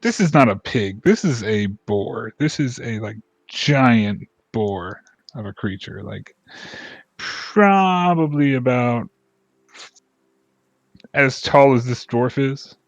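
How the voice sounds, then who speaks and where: A man's voice: mid-range voice, expressive, takes it slowly, no room sound, highs cut off. A man narrating a tabletop game as game master, rambling and hesitant, with many fillers.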